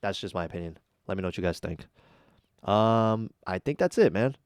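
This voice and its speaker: A man's voice: low-pitched, expressive, moderate pace, clear, resonant tone, no room sound, studio quality. A man hosting a casual reaction video, giving blunt, chatty opinions with plenty of ums and uhs. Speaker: YouTube reaction host.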